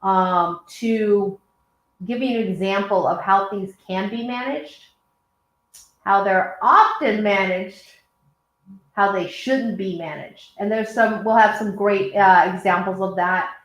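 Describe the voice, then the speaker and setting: A woman's voice: medium pitch, slow, reverberant, poor audio. A woman hosting a casual livestream, chatty and earnest, talking to viewers as y'all. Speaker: host. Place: home in Oregon.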